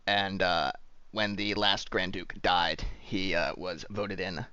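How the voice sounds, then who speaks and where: A man's voice: low-pitched, steady tone, slow, pushed and bright, smooth, dry recording, soft background music. A man running a tabletop role-playing game as dungeon master, talking casually with many fillers and joking swears. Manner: rambling, filler-heavy, swears when joking. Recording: dull lo-fi dry sound.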